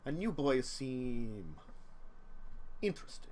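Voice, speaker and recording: A game master voicing an aging crime boss with an attempted Spanish accent, courtly and deliberate. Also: male voice, mid-range voice, very animated, darkish tone. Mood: scheming. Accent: attempted Spanish accent, admittedly poor. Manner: courtly, slow and deliberate, with drawn-out pauses. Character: aging male crime boss, smooth and scheming.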